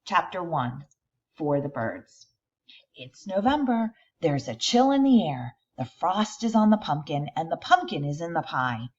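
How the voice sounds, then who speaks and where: Low-voiced woman reading a picture book aloud. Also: highs cut off. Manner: expressive reader who pauses to explain the pictures. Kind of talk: read-aloud storytime.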